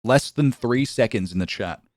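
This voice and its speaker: A man's voice: mid-range voice, animated, moderate pace, darkish tone, dry recording, clean studio sound. A man streaming live, chatting casually with his viewers, reading out their messages and telling a funny story with lots of laughs.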